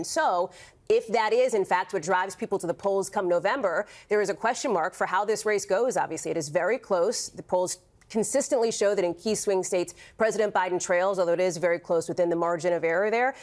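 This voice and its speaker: A female news correspondent gives live analysis in the studio. She speaks fluently and stresses key words, turning often to the anchor by name. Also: mid-range voice.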